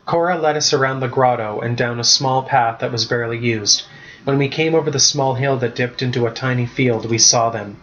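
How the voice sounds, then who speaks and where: Male author narrating his book, steady and even, mid-pitch, muffled lo-fi sound. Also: fairly quick. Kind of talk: storybook narration. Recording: muffled lo-fi recording.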